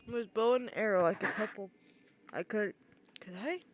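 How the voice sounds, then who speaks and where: A woman streamer reading a visual novel aloud and reacting expressively, breaking into loud outbursts. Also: medium pitch, normal speed, a little hiss or hum.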